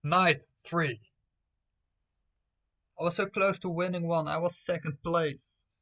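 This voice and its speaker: A man's voice: on the high side, fairly even intonation, takes it slowly, fairly bright tone. A young man streaming live, reading out game results and talking playfully to his viewers. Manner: playful, talks straight to viewers.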